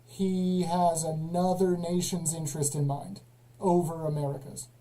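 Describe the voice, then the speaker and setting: A man's voice: fairly high pitch, flat delivery, measured pace, warm tone, low-quality recording. Dry sarcastic male streamer. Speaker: livestream host. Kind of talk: casual live call-in chat.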